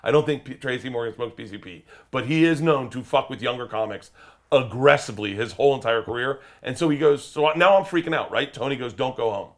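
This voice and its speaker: A comedian man spinning a rowdy anecdote, cursing as he goes. His middle-range voice jumps up into loud, excited bursts as the story builds. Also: mid-range voice, fast talker. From United States. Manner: profane, excitable, jumps into loud shouted bits when telling stories. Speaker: stand-up comedian guest. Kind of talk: animated storytelling.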